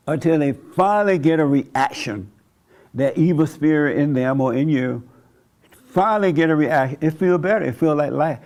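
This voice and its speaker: A man delivers a sermon in a loose, talky way, stopping to chuckle and act out the voices of people he quotes. His voice sits a bit high for a man and carries a gravelly edge. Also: normal speed, darkish tone. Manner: conversational preaching, chuckling, acting out quoted voices. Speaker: pastor.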